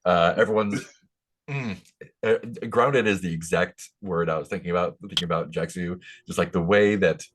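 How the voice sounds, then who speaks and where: A man's voice: low-pitched, normal speed. A man rambling in casual chat after a tabletop game session, chuckling often.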